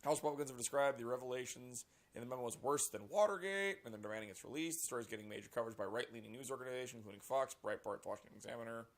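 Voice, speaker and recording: A man reading a news article aloud and reacting to it with sarcastic, profane commentary and animated outbursts. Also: medium pitch, very fast, few pauses. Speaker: political commentary vlogger.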